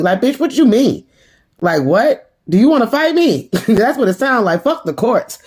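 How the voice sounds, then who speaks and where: A young adult woman recapping a reality TV reunion in a casual, blunt and profane way, telling the story with animated energy. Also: mid-range voice, a little fast.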